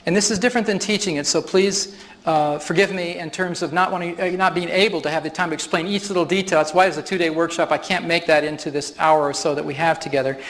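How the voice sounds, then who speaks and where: A man's voice: a little high, fairly even intonation, fast talker, fairly bright tone. A man presenting a live stage demonstration at a workshop, explaining as he goes and chuckling often. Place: large hall with audience. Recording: reverberant hall.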